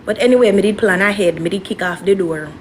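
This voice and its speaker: A young woman, a guest telling her story in an interview in an animated, dramatic way. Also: medium pitch, fast, slight background noise. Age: young adult.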